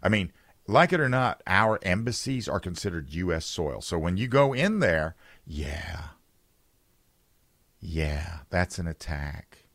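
A man's voice: deep voice, sing-song, takes it slowly, fairly bright tone, no echo, clean studio sound. A man hosting a political talk radio show, giving opinions in a conversational way and reading listener texts aloud.

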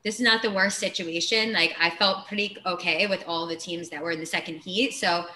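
Woman guest, bright voice, super candid, swears casually. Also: on the low side, fairly even intonation, brisk, a little hiss or hum, rough recording. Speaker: competitor guest. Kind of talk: casual chat.

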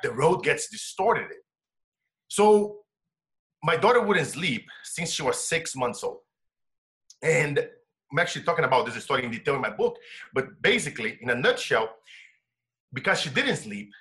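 A middle-aged man sharing a personal story as an interview guest, emotional and dropping to a hush for quoted words. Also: fairly high pitch. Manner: emotional, drops to a hushed voice when quoting his wife.

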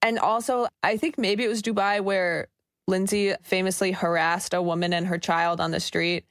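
A woman's voice: fairly low pitch, steady tone, normal speed, fairly bright tone, dry recording, studio quality. Snarky woman podcast co-host. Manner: snarky, opinionated, rambling asides. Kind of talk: casual gossip chat.

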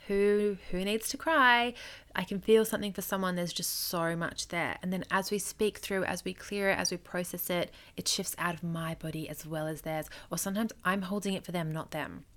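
Solo podcast host, woman with a slightly low voice, earnest and conversational, gentle encouragement. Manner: earnest, loose and conversational with frequent "like".

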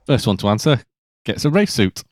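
A man's voice: mid-range voice, sing-song, fairly quick, a little mellow, dry recording. A man co-hosting a casual podcast chat, explaining things in a chatty way. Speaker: podcast co-host.

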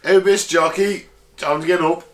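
A man's voice: on the high side, fairly even intonation, moderate pace, voice pushed up, natural voice. A man putting on the voice of a chummy male butler robot waking someone up, in a jokey, offhand way. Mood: joking.

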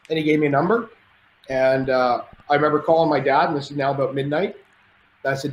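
A man with a fairly high voice talks fast in a steady tone, guesting on a podcast and telling stories. His casual, rambling style has him restarting sentences often, and the room sounds roomy with faint noise.

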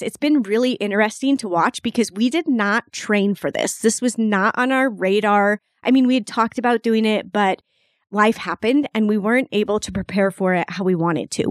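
A woman's voice: mid-range voice, no room sound, clean studio sound. A woman hosting a solo podcast as a coach, talking in a chatty, candid way and laughing often.

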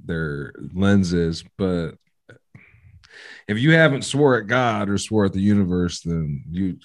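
A man hosting a podcast, asking gentle, tentative questions and often trailing off. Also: low-pitched, animated, takes it slowly. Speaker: podcast host. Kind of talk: conversational interview.

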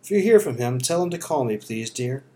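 A man reading a story, voicing a worried elderly woman with a warm Southern accent. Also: mid-range voice, sing-song, fairly quick, lightly acted. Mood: pleading. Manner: pleading, anxious.

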